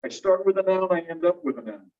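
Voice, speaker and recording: A fairly high-voiced man leads a classroom lecture, walking through each point in order and quizzing his students as he goes. He sounds distant and muffled, picked up by a phone set across the room. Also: lively intonation, fast talker. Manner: explains step by step, quizzes students. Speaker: teacher. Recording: dull phone recording from a distance.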